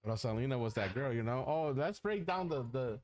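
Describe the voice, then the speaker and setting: A man's voice: medium pitch, lively intonation, fairly quick, darkish tone. Casual man reading a long roster. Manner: reads a long list, stumbles over names. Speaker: podcast co-host. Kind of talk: casual gaming chat.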